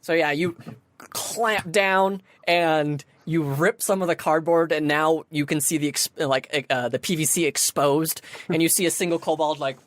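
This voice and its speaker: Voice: mid-range voice, a little slow, no room sound. A person running a tabletop game as dungeon master, narrating the action with lots of fillers. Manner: lively scene narration with many fillers.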